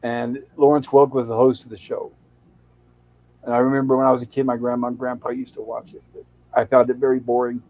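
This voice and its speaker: A man's voice: medium pitch, level tone, fairly quick, darkish tone, slight background noise, rough recording. A man hosting a casual show, retelling an old TV episode and reading out its lines in a loose, chatty way. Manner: reads out quoted lines in a loose, chatty recap. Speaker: show host.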